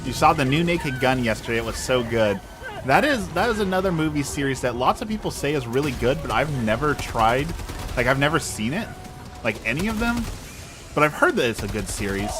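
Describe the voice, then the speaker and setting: A man's voice: mid-range voice, animated, a little fast, over music. A man streaming live, ranting casually with sarcastic, mocking exasperation. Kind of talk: casual rant to a live audience.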